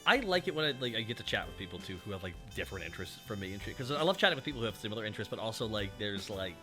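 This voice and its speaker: A man hosting a stream, chatting casually in a rambling, animated way with frequent swearing. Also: lowish voice, racing, over music. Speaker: streamer host. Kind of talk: casual chat.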